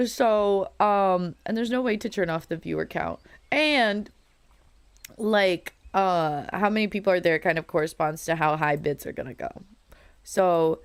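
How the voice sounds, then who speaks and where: A woman's voice: fairly low pitch, unhurried, clear, resonant tone, no room sound. A young adult woman live streamer in casual, rambling chat with her viewers, laughing often, her voice cracking a little.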